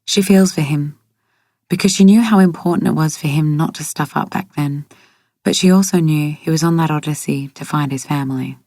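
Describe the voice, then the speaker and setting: Low-voiced woman narrator. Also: brisk, dark tone, no room sound, studio quality. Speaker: audiobook narrator. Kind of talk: audiobook narration.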